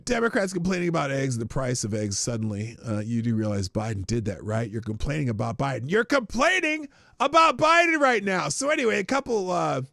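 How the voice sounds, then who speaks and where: Animated, sarcastic male show host. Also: medium pitch, fast, vocal fry, few pauses, no echo, studio quality. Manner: sarcastic, laughing, animated rants with restarts. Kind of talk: casual political commentary show.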